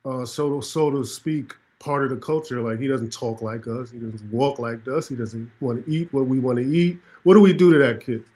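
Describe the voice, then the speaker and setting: A man's voice: mid-range voice, moderate pace, hardly any pauses, warm tone. A man on a podcast panel making an emphatic point with a string of rhetorical questions. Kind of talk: casual panel debate.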